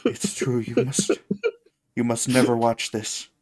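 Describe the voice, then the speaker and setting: A man's voice: medium pitch, flat delivery, a little mellow, lightly acted. A podcast co-host putting on an impression of an intense older male documentary filmmaker, solemn and ominous, with faint music behind. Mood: grave. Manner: solemn, slow, ominous warnings.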